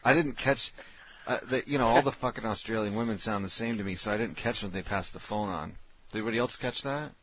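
A man making a crude prank phone call, talking in a brash, forward, deadpan way. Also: fairly low pitch, fast, breathy edge. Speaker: prank caller and show host.

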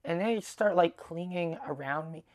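A man's voice: fairly high pitch, moderate pace, darkish tone. A male comedian talks through his tour in a loose, rambling monologue. He swears constantly and trips over his own sentences, doubling words and restarting. It sounds offhand and unscripted. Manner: profane, rambling, many restarts. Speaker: stand-up comedian.

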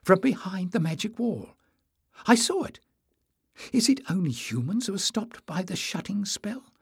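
Guy doing an excited wild girl, high and whispery, kinda husky. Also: slow, no echo, studio quality, exaggerated voice. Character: young woman, wild and fierce.

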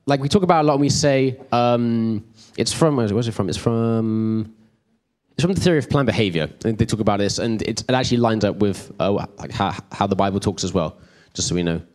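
A man's voice: lowish voice, fairly quick, darkish tone. A man teaching a church group in a casual, rambling way, often checking in with his listeners. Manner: chatty, rambling, checks in with the room. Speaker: preacher.

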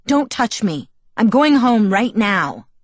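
A woman reading the lines of a furious teenage girl in an audiobook, with sharp, angry retorts. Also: lowish voice, unhurried, no echo. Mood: shouting angry. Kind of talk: audiobook dialogue.

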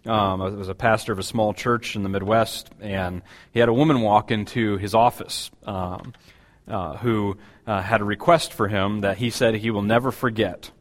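A man preaching a sermon as pastor, talking in a conversational, halting way with many fillers and restarts. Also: on the low side. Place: church.

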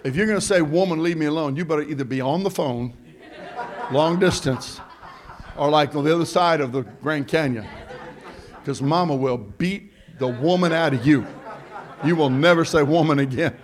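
A middle-aged man preaching a sermon in a church, mixing jokey conversational asides with shouted, rising calls to the congregation. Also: fairly high pitch, normal speed, some chatter behind. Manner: preaching with call-and-response, building to shouts. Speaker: pastor. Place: church sanctuary.

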